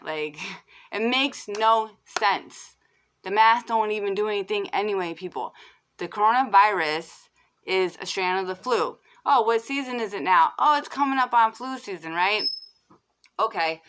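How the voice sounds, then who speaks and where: A woman vlogger talks straight into the camera in an impassioned rant. Her voice is bright and edged, and she presses her points hard, repeats herself, and leans on "like" as she goes. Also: medium pitch, clean tone. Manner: heated and insistent, repeats herself, many fillers of "like".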